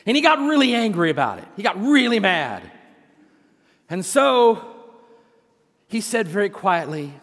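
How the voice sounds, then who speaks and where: A man preaching in a church sanctuary, measured and unhurried, with a humorous storytelling touch. His voice sits fairly high for a man. A long hall reverb follows each phrase. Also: big pitch swings, a bit bright. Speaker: senior pastor. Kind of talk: sermon with storytelling.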